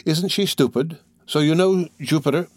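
A man's voice: on the high side, normal speed, dry recording, pitched above the performer's own voice, lightly acted. A man voicing a bold young woman in her finest clothes, speaking eagerly and correcting her friend. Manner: impetuous, prim.

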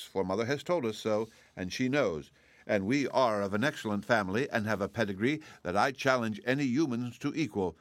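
A rasping, haughty young dragonette who drawls with formal politeness while admitting it would gladly eat you, as a man reads it in a storybook. The voice sits somewhat higher than his own low tone. It is recorded dry and close. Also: dry recording, natural voice. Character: young dragonette, sixty-six, proud and polite, hungry. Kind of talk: audiobook reading.

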